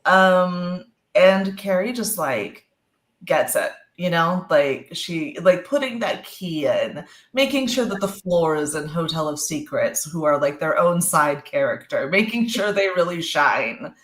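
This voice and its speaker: A woman author talking about her books as a guest on a video call, thoughtful and pausing with fillers. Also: lowish voice, lively intonation, roomy sound. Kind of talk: casual interview talk.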